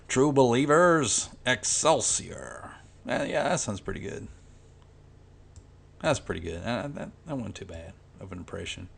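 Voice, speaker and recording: A man's voice: sits low, lively intonation, normal speed, vocal fry, long pauses, breathy edge. A man who makes comics, talking casually and rambling while he colors, with lots of "you know" and restarts. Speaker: comic artist vlogger.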